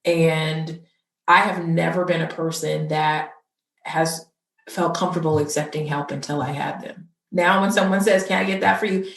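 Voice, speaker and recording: Brief: woman podcast host, effusive and chatty, gravelly fry, set back from the mic. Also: low-pitched, normal speed. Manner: effusive, animated, laughs easily. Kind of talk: casual conversational interview. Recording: roomy, distant from the mic.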